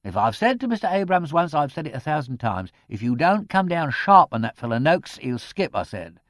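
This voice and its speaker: A man voicing a brash, cocky debt collector who talks loud and slangy. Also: on the high side, sing-song, brisk, dry recording, studio quality, pitched above the performer's own voice. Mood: blunt.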